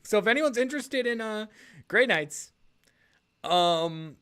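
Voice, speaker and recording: A man's voice: sits high, expressive, slow, bright, forceful tone, smooth. A man casually talking through league matchups on a podcast. He rambles, corrects himself mid-sentence and laughs often.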